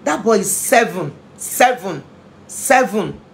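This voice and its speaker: A woman's voice: medium pitch, animated, slow pace, gravelly, slight background noise. A woman giving an impassioned parenting talk as a family therapist, earnest and emotional, often repeating phrases for emphasis. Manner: emotional, pleading. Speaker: family therapist and inspirational speaker.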